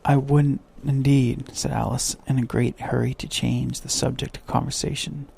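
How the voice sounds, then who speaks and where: A man narrating a sleep story with slow, soft bedtime reading. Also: medium pitch, flat delivery, vocal fry, breathy edge.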